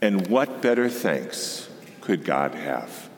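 A kindly old grandfather baker with a beard talks gently and slowly, as a man reads his lines. His voice moves over a lively range, and it carries through a long church reverb. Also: low-pitched, slight background noise, pitched below the performer's own voice, exaggerated voice. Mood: gentle. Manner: gentle, sometimes bellowing.

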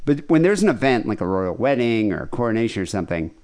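A man co-hosting a comedy podcast in casual chat, telling profane stories with lively energy. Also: lowish voice, fast talker. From United States. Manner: animated, profane storytelling. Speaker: podcast co-host.

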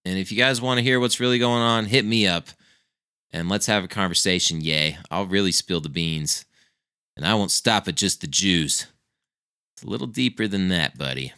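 A man's voice: fairly low pitch, pushed and bright, smooth, no echo, studio quality. A man in a casual, rambling rant, blunt and full of profanity. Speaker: vlogger.

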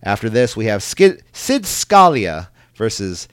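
A man's voice: fairly low pitch, very animated, a little slow, smooth, no echo. A man hosting a casual podcast, rambling through a recap with lots of ums and likes. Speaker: podcast host recapping wrestling. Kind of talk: casual chat.

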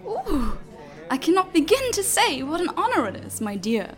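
A man's voice: very high-pitched, wildly swooping pitch, normal speed, faint music behind, voice pushed up, exaggerated voice. A man voicing a gushing, flamboyant female chancellor of a dragon people with a put-on German accent, formal and theatrical.

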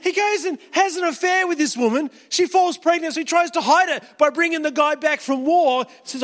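A man preaches a sermon in a relaxed storytelling style. His voice sits unusually high for a man. A long reverb from a big hall trails every phrase. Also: fairly quick, hardly any pauses. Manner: casual, storytelling, acts out quotes. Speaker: pastor.

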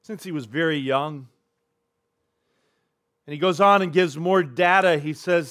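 A man preaching a sermon as pastor, retelling a scripture story vividly, swinging between hushed and emphatic delivery. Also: fairly high pitch, measured pace, long pauses.

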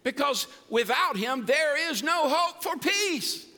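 A man's voice: very high-pitched, animated, slow, bright, forceful tone. An older man preaching a sermon as pastor, emphatic and folksy with humor. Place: church sanctuary. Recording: long reverb of a large hall.

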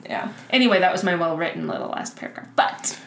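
A woman co-hosting a podcast in casual chat, a little tipsy, playful and quick to laugh. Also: lowish voice. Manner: chatty, laughs often, playful. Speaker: podcast co-host. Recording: roomy echo, faint background noise.

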